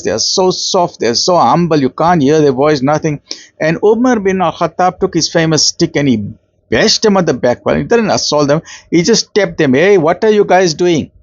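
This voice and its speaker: Brief: South African male lecturer, fairly high voice, conversational religious talk, dry and dull recording. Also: no echo. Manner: conversational, acts out quoted voices, uses Arabic terms. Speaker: Islamic lecturer.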